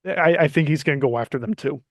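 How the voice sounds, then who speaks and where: A man playing a tabletop role-playing game who talks in a casual, halting way. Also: a little high, no echo. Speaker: player.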